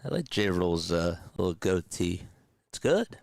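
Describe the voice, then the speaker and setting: A man's voice: low-pitched, unhurried, vocal fry, no echo. A young man calling a game radio-style from a stream, chatting with his viewers and mixing calls with sarcastic opinion. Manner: chatty, talks to chat, sarcastic asides; animated, jumps between calls and opinions. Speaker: play-by-play host. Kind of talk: radio-style play-by-play commentary.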